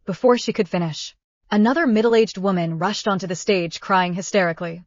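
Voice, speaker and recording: A woman telling a scripted first-person drama in a steady, even voice at an ordinary pitch. The recording is dull and a bit lo-fi, and the room is dry with no echo. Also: fairly quick. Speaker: story narrator.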